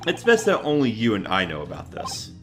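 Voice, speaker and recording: A man voicing a confident young man who teases his friend in a calm, dry manner. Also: mid-range voice, a little fast, over music. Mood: teasing.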